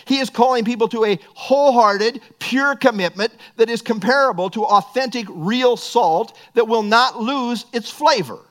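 A man's voice: very high-pitched, moderate pace, hardly any pauses. A middle-aged man preaching a sermon as pastor, earnest and building to emphatic bursts.

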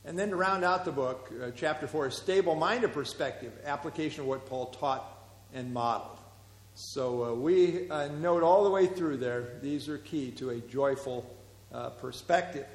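A man's voice: fairly high pitch, normal speed. A man teaching a Bible class, explaining verses and putting questions to the group, with frequent fillers. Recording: roomy hall with long reverb.

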